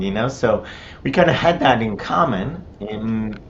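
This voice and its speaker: A man's voice: expressive, unhurried. A middle-aged man from Israel with an Israeli accent and Hebrew as his first language, telling his personal story in a conversational way, with many restarts and fillers. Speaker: interview guest. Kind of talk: personal testimony. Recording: slightly dull with faint rumble.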